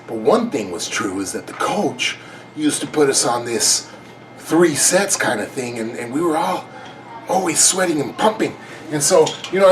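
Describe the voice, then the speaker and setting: A man's voice: fairly high pitch, slight background noise, poor audio. A man vlogging his own workout in a casual, self-mocking way, counting reps aloud and out of breath. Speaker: fitness vlogger.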